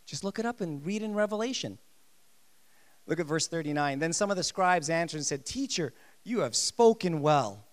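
A man preaching a sermon, emphatic and lively, repeating his key phrases. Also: on the high side, brisk, clear, resonant tone. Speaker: pastor.

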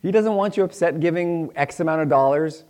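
A man's voice: a little high, a little fast, darkish tone. A middle-aged man, a pastor, teaching through a Bible passage in a chatty, joking way, often acting out little dialogues in other voices. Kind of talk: conversational Bible teaching sermon.

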